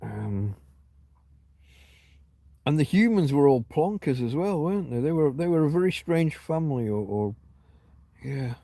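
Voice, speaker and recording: This middle-aged man's voice is a little high, expressive, and warm, and he speaks a little slowly with frequent pauses and no echo. Livestreaming casually from home on his phone, he meanders through memories, often trailing off before picking his thoughts back up.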